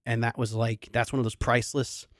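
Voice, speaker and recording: A man's voice: medium pitch, level tone, fairly quick, no echo, studio quality. A young adult man, a singer hosting a livestream concert, chatting casually and rambling through a sentimental story with many restarts.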